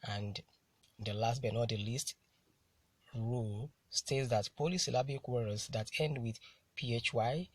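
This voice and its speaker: A man teaching a recorded lesson, speaking slowly and deliberately, repeating key words and spelling out letters. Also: medium pitch, no room sound.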